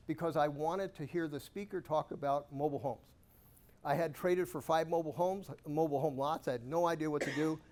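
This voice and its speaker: A man giving a keynote talk to a live audience, telling lively, self-amused stories and asking the room questions. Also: fairly high pitch. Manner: animated, self-amused anecdotes with rhetorical questions. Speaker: guest speaker at a real estate investor club.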